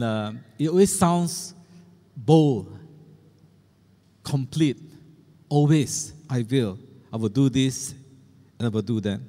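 A man's voice: fairly high pitch, dark tone. A middle-aged man preaching a sermon as pastor, earnest and emphatic as he quotes scripture. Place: church. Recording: long church reverb.

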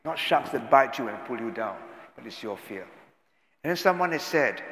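A pastor delivering a sermon with dramatic swells and hushed drops, recorded in a large echoing hall. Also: male voice, mid-range voice, lively intonation, moderate pace. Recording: echoey hall, long reverb.

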